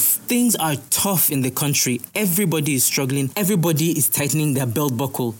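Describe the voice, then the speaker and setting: Emphatic Nigerian man hosting a podcast. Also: a little high. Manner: emphatic, preachy, repeats points for stress. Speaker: podcast host. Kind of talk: solo commentary podcast.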